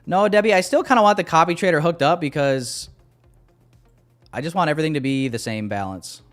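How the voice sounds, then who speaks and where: Young male streamer, casual and wry with chat, smooth clear voice, faint music underneath. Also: fairly high pitch, a little fast. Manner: casual, self-deprecating, talking to chat. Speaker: day trader streaming live. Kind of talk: live-stream commentary.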